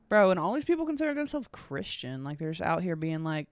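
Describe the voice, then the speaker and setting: Twenty-something american girl ranting on her pod, lots of likes and swearing, crisp voice, dead dry mic. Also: on the low side, big pitch swings, fast talker, hardly any pauses, no room sound. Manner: rambling, sweary, filler-heavy, sarcastic. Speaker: podcast host. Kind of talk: casual solo podcast chat.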